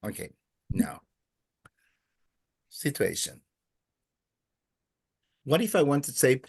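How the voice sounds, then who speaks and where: A man teaching a Spanish class in a classroom, patiently prompting students, praising their answers and pausing often with "uh". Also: medium pitch, huge pitch swings, gravelly, a little mellow, breathy edge, no room sound, clean studio sound. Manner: hesitant, many "uh" pauses. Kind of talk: classroom language lesson.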